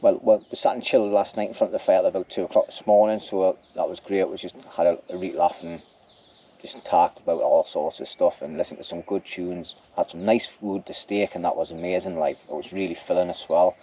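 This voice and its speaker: A man's voice: low-pitched, steady tone, a little fast, mellow, a little hiss or hum. A man talking casually to camera at an outdoor camp, rambling and ending lines with "like", with a snotty nose. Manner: chatty, rambling, says "like" at ends. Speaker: bushcraft vlogger.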